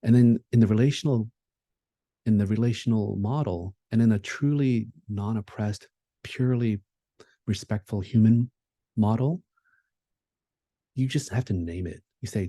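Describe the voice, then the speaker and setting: A man's voice: on the low side, moderate pace, long pauses, mellow, no echo. A man giving a keynote talk at a conference, speaking in a reflective, conversational way, with many fillers and restarts.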